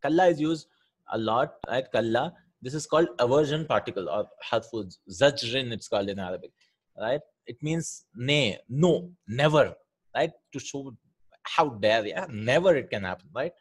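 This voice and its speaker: Husky-voiced man teaching Arabic grammar. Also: mid-range voice, expressive, moderate pace. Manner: explains patiently, often asks "right?", repeats words. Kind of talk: Quranic Arabic grammar lesson.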